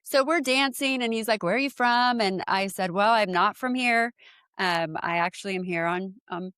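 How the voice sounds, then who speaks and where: Animated woman in her forties telling stories. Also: moderate pace, smooth, dry recording, studio quality. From San Diego, USA. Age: 40s. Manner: animated, acts out quoted speech with big pitch jumps, lots of fillers. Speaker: podcast guest. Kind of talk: casual storytelling in conversation.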